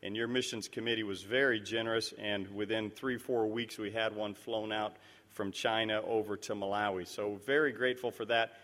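A man's voice: on the low side, fairly even intonation, moderate pace, fairly bright tone. A man giving a mission report to a church, telling stories earnestly and with animation. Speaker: missionary speaker. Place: church sanctuary. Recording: echoey church hall.

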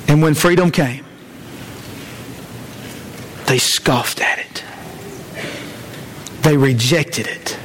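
A man preaching a sermon as pastor, earnest, dropping low and slow to stress key lines. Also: a bit bright, slight background noise.

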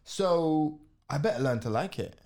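A man's voice: fairly high pitch, unhurried. A middle-aged man, an actor and guest, chatting casually and acting out his stories with little voices. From England. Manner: animated storyteller, acts out scenes with voices. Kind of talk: casual chat.

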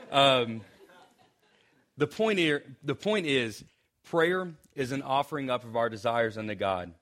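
A man's voice: medium pitch, a bit bright. A young man preaching a sermon as pastor, speaking conversationally with restarts and joking asides.

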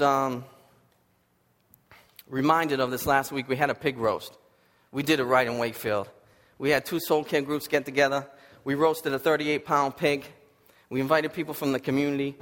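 Guy preaching, fairly high voice, big storytelling swings loud to soft, kinda sniffly, long echo like a church hall. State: sniffly from allergies. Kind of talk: sermon.

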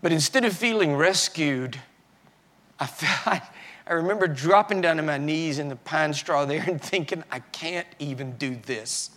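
Preacher with a drawl. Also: male voice, on the high side. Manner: swings from shouting fury to quiet, halting confession. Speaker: pastor. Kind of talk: sermon testimony.

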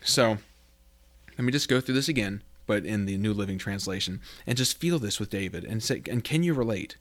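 A man's voice: lowish voice, animated, brisk. Man teaching scripture conversationally. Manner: conversational, fillers, reads scripture aloud with rising emphasis. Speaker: preacher. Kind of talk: informal devotional teaching.

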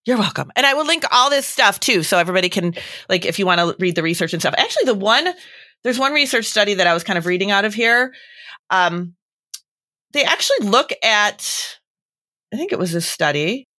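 A woman's voice: medium pitch, expressive, brisk, bright, forceful tone, no room sound, clean studio sound. A young adult woman giving earnest, chatty advice on feeding babies, often slipping into quoted asides. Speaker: breastfeeding expert guest. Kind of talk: casual advice chat.

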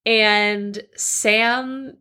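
A woman co-hosting a podcast with a bright, forward voice. She chats casually, laughs easily and states her opinions bluntly. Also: fairly high pitch, fairly even intonation, very slow, clear, resonant tone. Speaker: podcast co-host.

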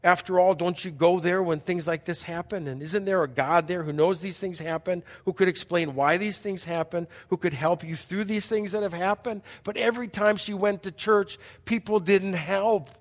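Middle-aged pastor preaching in a hall. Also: male voice, high-pitched, steady tone. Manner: emphatic, repetitive, dramatic pauses and hushed passages. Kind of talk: sermon storytelling. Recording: long hall reverb.

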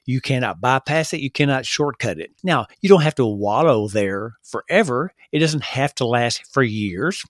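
A man talks straight into a close podcast mic in a dry, deadened space, his voice sitting at a middling pitch. He speaks earnestly and gets carried away with excitement, tripping over words and restarting sentences as he goes. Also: normal speed, hardly any pauses, no echo. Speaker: podcast host. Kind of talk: solo motivational podcast talk.

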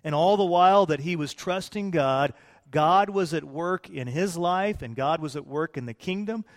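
A man preaching a sermon, retelling scripture with lively, playful asides to his congregation. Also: a little high, normal speed, big-room sound. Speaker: pastor.

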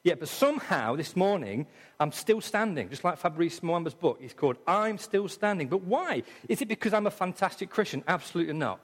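A middle-aged English-accented man delivers a sermon in a church, his voice sitting fairly high for a man. He is dramatic, acting out the voices in his quotations and moving between loud passages and quiet ones. A long reverb trails behind his words. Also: lively intonation, a little fast. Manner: dramatic, acts out voices in quotes, swings loud and soft. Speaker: preacher. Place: church hall.

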